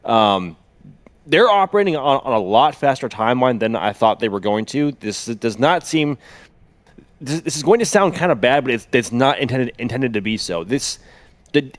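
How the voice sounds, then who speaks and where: Halting male co-host, dry sound. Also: mid-range voice, lively intonation, no room sound. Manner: halting, restarts sentences. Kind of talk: casual livestream discussion.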